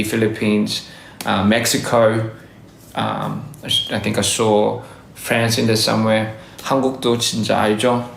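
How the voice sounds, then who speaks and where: A man's voice: mid-range voice, gravelly, fairly bright tone. Man, casual livestream chat, rambling, echoey room. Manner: loose, rambling, with many restarts. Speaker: livestream host. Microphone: phone. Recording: roomy echo.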